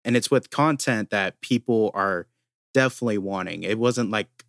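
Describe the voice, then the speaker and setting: A man's voice: on the low side, moderate pace, a bit bright, dry recording, clean studio sound. A man co-hosting a casual gaming podcast, explaining things at length with lots of fillers. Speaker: podcast co-host.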